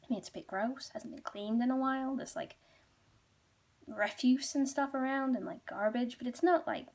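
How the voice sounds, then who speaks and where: A woman's voice: a little high, normal speed, creaky, a little mellow. Woman playing a breezy, clueless farm boy. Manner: blunt, breezy and casual. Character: dim, fearless young farmer's son.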